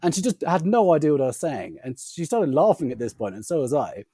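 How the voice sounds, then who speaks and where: Podcast guest with a non-rhotic, R-dropping accent. Man, mellow tone, pitch swings widely. Dry room. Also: a little fast, husky, no echo. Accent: non-rhotic English, drops R sounds. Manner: animated, laughing anecdote teller. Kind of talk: casual storytelling chat.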